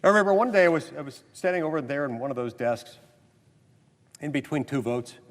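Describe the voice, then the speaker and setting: A man's voice: fairly high pitch, animated, brisk. An American man, a senator, giving a floor speech that moves from a storytelling anecdote into an earnest, insistent argument. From United States. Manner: storytelling, mimics others in quotes, then earnest and insistent. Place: legislative chamber. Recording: long reverb of a large chamber.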